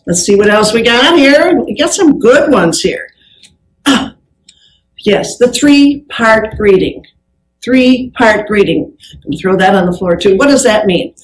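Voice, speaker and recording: A woman giving a keynote talk on customer service. She tells her stories in a lively way, acts out the people she quotes and laughs often between phrases. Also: fairly high pitch, measured pace. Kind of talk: keynote talk to a business audience. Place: event hall with an audience. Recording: roomy hall sound.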